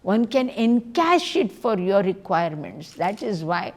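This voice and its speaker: A woman, a spiritual teacher giving a religious talk, telling a story and acting out its quoted voices in an animated way. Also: medium pitch, measured pace.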